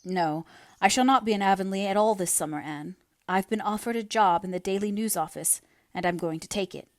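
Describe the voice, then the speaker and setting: A woman voicing an earnest young man in love, speaking quietly and steadily. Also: sits high, brisk, no echo, clean studio sound. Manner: quiet, earnest, then bitter.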